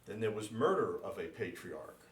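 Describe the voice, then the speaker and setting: A priest giving a classroom lecture, speaking slowly and deliberately and spelling out names letter by letter for his class. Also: on the low side, big pitch swings. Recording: echoey room, mic at a distance.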